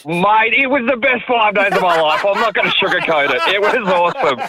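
A man's voice: high-pitched, a little fast, over a noisy crowd. An Australian man calling in to a radio show, telling a story about himself cheerfully and with self-mockery. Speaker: radio caller. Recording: muffled phone line.

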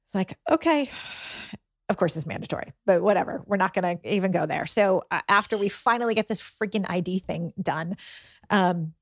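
A middle-aged woman, a guest on a chat show, telling animated stories about her son with exasperated asides. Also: on the low side, brisk. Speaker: podcast guest, parent. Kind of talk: casual chat.

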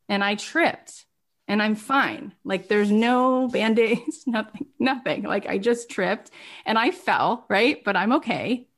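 A middle-aged woman business coach telling her students emphatic, animated stories. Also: medium pitch. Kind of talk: coaching talk.

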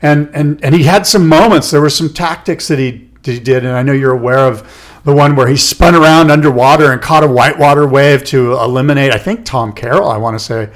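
A man's voice: medium pitch, fairly quick. A man co-hosting a casual podcast chat, rambling and correcting himself as he asks probing questions. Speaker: podcast co-host.

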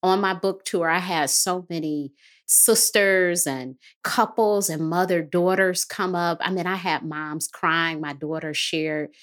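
A woman, a guest therapist and author, explaining family conflict in a measured, advice-giving way on a podcast. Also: fairly low pitch, fairly bright tone.

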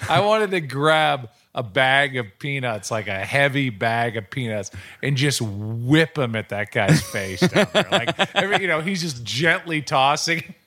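A middle-aged man hosting a podcast, telling stories in an animated, casual way. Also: medium pitch, unhurried. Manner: animated storytelling, acts out quotes. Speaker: podcast host. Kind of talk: casual chat.

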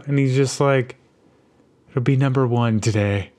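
A woman with a remarkably deep voice co-hosts a podcast in easy, casual chat. She drops in relaxed asides and quotes characters' lines. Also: measured pace. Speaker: podcast co-host.

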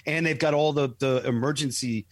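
A man co-hosting a casual talk show, joking around and playing out imagined lines. He speaks at an average pitch. The sound is dry, with no room echo. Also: steady tone, brisk. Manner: joking, acts out imagined quotes. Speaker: co-host. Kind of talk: casual radio show banter.

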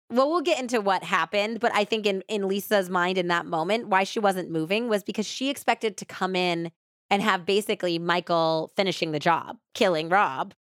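A woman hosting a true crime podcast, retelling the case in a casual, animated way full of quoted voices and asides. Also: medium pitch, dry recording, studio quality. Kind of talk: casual storytelling narration.

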